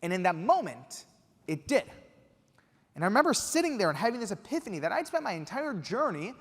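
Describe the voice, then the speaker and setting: A young man from Los Angeles giving a keynote speech, telling a story with lively energy and acting out the quotes. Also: sits high, a little fast. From Los Angeles, USA. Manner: animated, acts out quotes. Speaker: keynote speaker. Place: conference hall stage. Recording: long reverb of a large hall.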